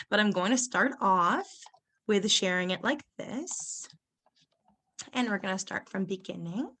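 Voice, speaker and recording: Young woman grad student, bubbly and effusive, bright sharp voice, presenting on a video call. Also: a little high.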